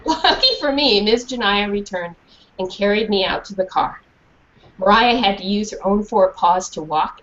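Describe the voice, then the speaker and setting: Animated woman reading a storybook aloud. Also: mid-range voice. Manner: animated, asks the class questions. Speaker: children's author reading to a class. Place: school classroom. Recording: dull lo-fi recording.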